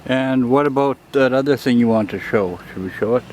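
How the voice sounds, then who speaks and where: A man's voice: medium pitch, brisk, darkish tone, a little hiss or hum, poor audio. A man who stays off camera, chiming in with short teasing remarks. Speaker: off-camera companion. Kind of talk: casual chat.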